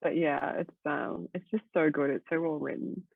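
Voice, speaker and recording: A woman's voice: deep voice, steady tone, moderate pace, creaky, slightly rough, dry recording. A woman guest chatting casually on a podcast, rambling with lots of "like" fillers and casual swearing. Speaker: guest co-host. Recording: tinny phone-like line, dry.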